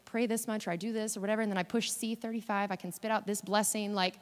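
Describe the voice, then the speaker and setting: A woman giving a guest sermon in a chatty, animated way, acting out quoted voices as she talks. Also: medium pitch, fast. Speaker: guest preacher. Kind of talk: conversational sermon. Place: church sanctuary. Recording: long hall reverb in a church.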